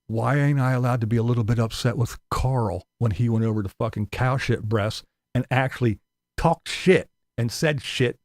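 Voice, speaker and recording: Here a man with a slightly mellow voice rants at his viewers, swearing freely and taunting critics with mocking falsetto impressions. The clip is an angry YouTube vlog, recorded in a clean studio with no room sound.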